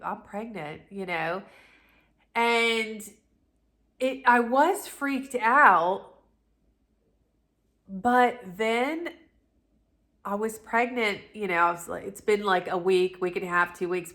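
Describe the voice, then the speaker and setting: A woman's voice: mid-range voice, a bit bright. Lady vlogging, chatty, keeps restarting and going off on little asides, middle-aged. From North Carolina, USA. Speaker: lifestyle vlogger. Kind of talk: casual storytelling to camera.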